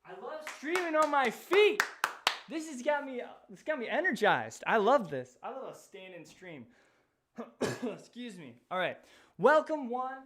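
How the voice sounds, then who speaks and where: An extremely high, sing-song voice with a sharp tone, at a measured pace, belongs to a man hosting an educational live stream. He talks straight to his viewers, upbeat, energetic and a little out of breath.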